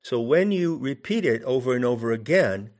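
A man teaching in a deliberate way, pausing to put questions to the listener. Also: medium pitch, expressive, a little mellow. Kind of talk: meditative teaching talk.

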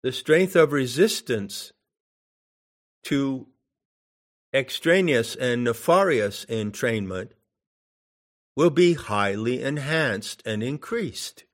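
A man giving a spoken meditation teaching in a deliberate, musing way, with long pauses between phrases. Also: medium pitch, expressive. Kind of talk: spoken dharma instruction.

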